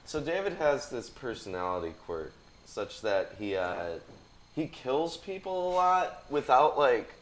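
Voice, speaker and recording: A man's voice: medium pitch, sing-song, a little slow, low-quality recording. A man co-hosting a casual discussion, reading scripture aloud and adding dry sarcastic remarks.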